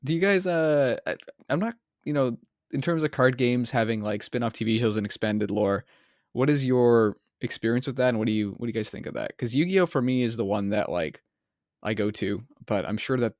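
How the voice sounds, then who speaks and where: A man co-hosting a casual book club podcast, tossing off wry, deadpan asides. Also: fairly low pitch, fairly quick, dry recording, clean studio sound. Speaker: podcast co-host.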